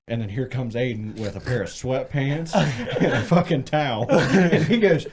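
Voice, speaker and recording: A man's voice: mid-range voice, animated, moderate pace, crowd noise. A young man in his twenties, a podcast co-host, telling a story in casual chat with lots of swearing and laughter.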